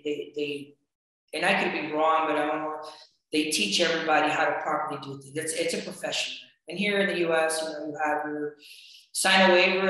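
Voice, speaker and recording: A man, a wrestling coach, telling stories in a casual interview with many fillers and restarts. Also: on the high side. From United States. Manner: relaxed, rambling, frequent fillers and restarts. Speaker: wrestling coach and podcast guest. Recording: very echoey room.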